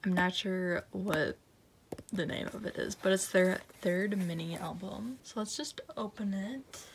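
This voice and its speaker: A young woman in a casual unboxing chat, excited and gushing, often dropping to a whisper. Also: mid-range voice, background noise. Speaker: unboxing vlogger. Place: room at night, indoors.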